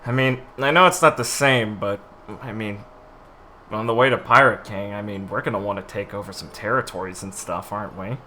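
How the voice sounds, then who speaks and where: A man's voice: lowish voice, brisk, bright, forceful tone, a little hiss or hum. A man talking casually in character as a player in a tabletop game, laughing often and easily flustered. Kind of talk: casual in-character role-play.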